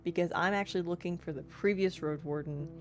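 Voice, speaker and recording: A woman's voice: on the low side, brisk, music in the background. A young woman streaming a game, chatting playfully and rambling about her progress. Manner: chatty, playful, self-described yapper. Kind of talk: casual let's-play chat.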